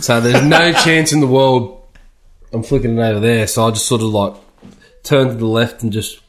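A man's voice: medium pitch, steady tone, fairly quick. An Australian man telling a funny story in casual chat, laughing often.

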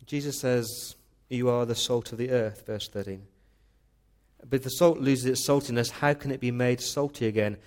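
A male pastor delivers a sermon with earnest emphasis, pressing his points and often restarting a word before carrying on. His voice sits at an ordinary middle pitch. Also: a little mellow.

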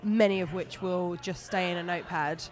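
A stand-up comedian in relaxed interview mode, talking in long, rambling runs full of restarts and asides. The tone is self-deprecating and chatty, at an everyday pitch. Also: moderate pace. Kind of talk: casual interview chat.

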